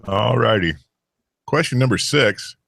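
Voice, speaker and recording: A man co-hosting a casual podcast, reading out quiz questions in an animated way, swearing and laughing often. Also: mid-range voice, unhurried, vocal fry, a little hiss or hum. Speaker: co-host running a quiz. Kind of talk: casual banter.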